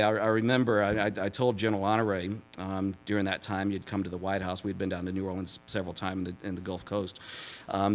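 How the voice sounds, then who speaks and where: A man in his forties speaking at a symposium, telling stories with many fillers and laughing at his own jokes. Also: on the low side. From Texas. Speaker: symposium speaker, former press secretary. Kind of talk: public talk with anecdotes.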